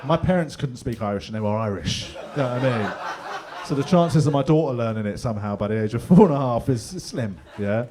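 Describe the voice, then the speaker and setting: A middle-aged man with a London accent works a pub crowd with a stand-up set. He talks casually, swears freely and slips into other people's voices. His pitch sits mid-range for a man, and faint pub noise hangs behind him. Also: lively intonation, a little fast, dark tone. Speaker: stand-up comedian. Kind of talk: stand-up comedy. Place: pub stage with live audience.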